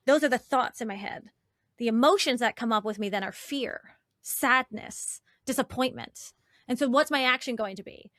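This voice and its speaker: A woman relationship coach, a guest in an interview, talking in an animated, chatty way with lots of "like" and "right?". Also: a little high, brisk, no echo, studio quality. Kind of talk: conversational interview.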